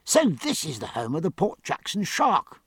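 Man doing eager gentleman naturalist, enthusiastic, gravelly, husky. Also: fairly high pitch, wildly swooping pitch, dry recording, clean studio sound, exaggerated voice. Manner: eager, quick.

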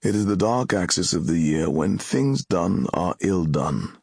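Deep, gravelly male audiobook narrator. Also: animated, darkish tone, dry recording, clean studio sound. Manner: measured, solemn storytelling. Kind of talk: scripted fantasy narration.

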